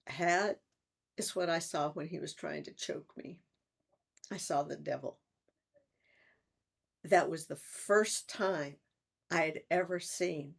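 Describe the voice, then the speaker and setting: An older woman in a personal vlog, talking in a halting, reflective way with sighs and restarts. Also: deep voice, gravelly. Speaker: vlogger.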